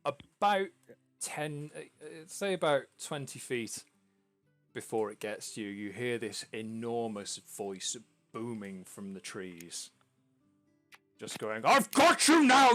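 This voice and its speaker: A man narrating a tabletop game as dungeon master, in a casual, chuckling way. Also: mid-range voice.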